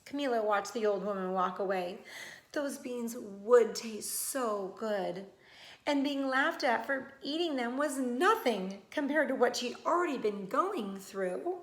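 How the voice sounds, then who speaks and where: A woman's voice: on the high side, lively intonation, measured pace, reverberant. A woman who teaches first grade, reading a picture book aloud expressively and stopping to explain words to children.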